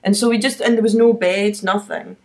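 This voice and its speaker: A woman's voice: medium pitch, steady tone, a little fast, darkish tone. A middle-aged Scottish woman hosting a podcast, chatting and telling anecdotes with frequent laughter. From Scotland. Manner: chatty storyteller, laughs often. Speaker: podcast host. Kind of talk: casual chat.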